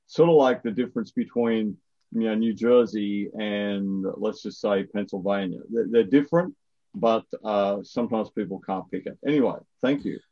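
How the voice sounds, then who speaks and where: Australian man, dark and dry sound. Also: lowish voice, normal speed, no echo, lo-fi sound. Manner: relaxed, joking. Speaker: guest professor. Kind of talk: casual podcast interview.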